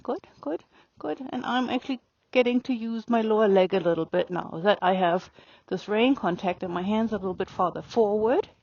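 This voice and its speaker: A woman riding a horse and calmly explaining her training as she goes, pausing to speak softly to the horse. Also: medium pitch, no room sound. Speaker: riding instructor. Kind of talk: narrating while riding. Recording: dry, dull lo-fi sound.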